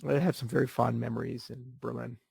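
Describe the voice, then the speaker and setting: A man's voice: mid-range voice, little pitch movement, fast talker, creaky, a little mellow, husky, dry recording, clean studio sound. A man hosting a casual question-and-answer session, answering viewer questions bluntly and with jokes. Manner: blunt, joking, profane. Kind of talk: casual livestream Q&A.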